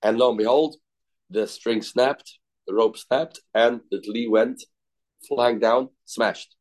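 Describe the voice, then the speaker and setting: In a steady, mid-range voice with a little mellowness, this Talmud teacher speaks slowly through an informal lesson. Frequent restarts and repeated terms mark his speech, along with Hebrew and Yiddish words.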